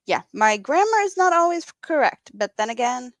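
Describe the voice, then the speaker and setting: A woman's voice: high-pitched, big pitch swings, normal speed, dry recording. A woman with a Swedish accent, a non-native English speaker, chatting as a guest on a livestream, often hunting for words and restarting sentences. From Sweden. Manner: searches for words, restarts often, laughs easily. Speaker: guest crocheter. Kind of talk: casual livestream chat.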